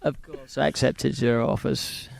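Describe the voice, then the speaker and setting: A man co-hosting a podcast in casual chat, teasing his friends with quick banter, recorded inside an RV. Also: medium pitch, steady tone, gravelly. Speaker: podcast co-host. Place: inside a parked RV.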